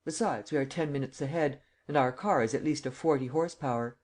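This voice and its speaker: A man reading an audiobook and voicing a mocking, cocky gentleman thief who climbs high and loud when he teases or rages. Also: a little fast, close to an everyday voice. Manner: teasing, lively, rising to shouts.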